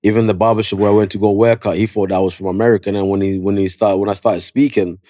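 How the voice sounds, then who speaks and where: Podcast guest: male barber, London accent, low voice, slangy, animated, dry close mic. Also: fast, no room sound. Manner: animated storyteller, slangy, repeats "yeah" and "you know what I mean". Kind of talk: casual storytelling interview. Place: podcast studio.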